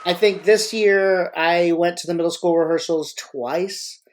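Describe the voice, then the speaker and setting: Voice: medium pitch, steady tone, unhurried, a crowd in the background, noisy background. A podcast host and freelance choreographer chatting casually, rambling and joking with many restarts. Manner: rambling, self-interrupting, joking. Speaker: freelance marching arts choreographer. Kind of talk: casual live podcast chat.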